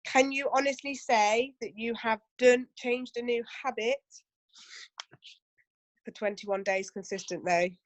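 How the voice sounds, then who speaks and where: A woman's voice: on the high side, steady tone, a little slow, no room sound. Chatty woman giving team training. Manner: chatty, full of asides and rhetorical questions. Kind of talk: casual training talk to a team.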